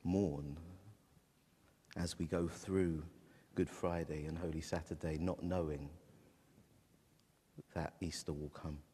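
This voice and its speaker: A man preaching a sermon, telling a personal story in a halting, emotional way, recorded in a church. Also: extremely low pitch, fairly even intonation, dark tone, breathy edge, big-room sound. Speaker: pastor.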